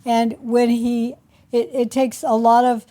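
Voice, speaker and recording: A woman's voice: a little high, little pitch movement, measured pace, warm tone. A woman co-hosting a talk podcast, chatting casually and telling anecdotes. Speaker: podcast co-host. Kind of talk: casual conversational commentary.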